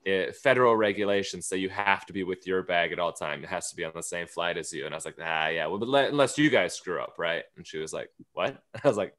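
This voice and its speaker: A man with a low, bright, forceful voice spins a comic anecdote on a podcast. He talks casually and slips into quick impressions of the people he met along the way. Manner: storytelling, acts out quoted lines. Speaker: guest comedian.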